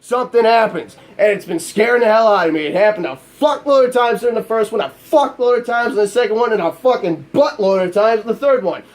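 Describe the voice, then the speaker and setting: A man's voice: high voice, quick pace, few pauses. A man ranting in an angry, profane and exasperated way, with self-mocking asides, as a gaming YouTuber. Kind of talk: angry vlog rant.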